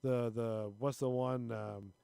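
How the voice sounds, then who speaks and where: A man co-hosting a casual podcast chat, ranting with lots of swearing and frequent throat clearing. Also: medium pitch, fairly even intonation, slow pace, dark tone. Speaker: podcast co-host.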